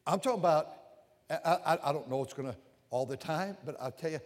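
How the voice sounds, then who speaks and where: An older male preacher giving a sermon, animated and repetitive, swinging from loud outbursts to hushed confessions. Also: fairly high pitch, moderate pace. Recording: long reverb of a large hall.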